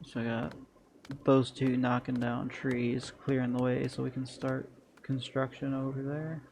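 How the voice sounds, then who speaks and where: A man's voice: mid-range voice, flat delivery, a little slow, gravelly, a little mellow, slight background noise. A man streaming a strategy game, muttering through his plans and chatting bluntly to viewers with crude humor. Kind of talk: casual gameplay commentary.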